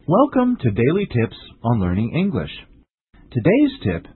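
Slow husky male English teacher. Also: medium pitch, huge pitch swings, no echo. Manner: slow, deliberate, strongly stressed delivery. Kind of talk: scripted language lesson. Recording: tinny lo-fi dry recording.

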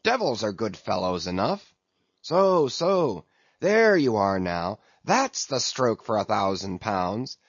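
A man's voice: fairly low pitch, big pitch swings, slow pace, no echo, dull audio, full character voice. A man voicing an easygoing whaling mate who coaxes his rowers in a drawling, soothing way. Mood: coaxing.

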